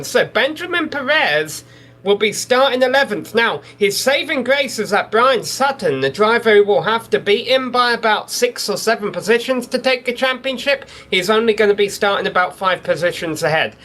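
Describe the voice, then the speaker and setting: A man from England, commentating a sim race in a chatty, informative way. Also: very high voice. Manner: chatty, informative, builds up excitement at race start. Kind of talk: sim racing play-by-play commentary.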